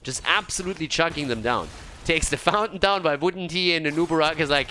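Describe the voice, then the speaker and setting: A man casting an esports match play-by-play, excitable and laughing often, with casual swearing. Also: a little high, fairly quick, slight background noise. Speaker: esports caster. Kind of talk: play-by-play commentary.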